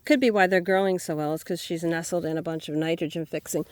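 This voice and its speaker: A woman's voice: on the low side, fast talker, hardly any pauses, a little mellow, no room sound. Woman rambling on a walk through her field, phone in hand, dogs around, outdoor sounds. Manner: chatty, thinking aloud, calls sharply to her dogs. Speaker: homesteading vlogger. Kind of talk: casual walking vlog. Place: outdoors in a wet rural hay field. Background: dogs and rural outdoor sounds.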